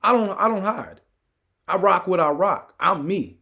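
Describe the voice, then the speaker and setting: A man hosting a sports news vlog, speaking in casual opinion commentary from a room full of fan memorabilia, emphatic and animated, repeating phrases for effect, his volume swinging between loud and soft. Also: sits high, measured pace.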